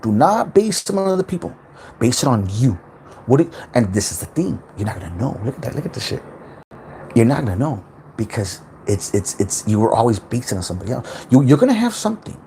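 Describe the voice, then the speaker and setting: A man talks through a casual livestream monologue with a lively, swooping voice, starting and restarting his sentences. His pitch sits in an ordinary middle register. He tosses in swear words along the way. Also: a little fast, slight background noise. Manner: rambling, repeats words, swears freely, animated. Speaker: spiritual self-help livestream host.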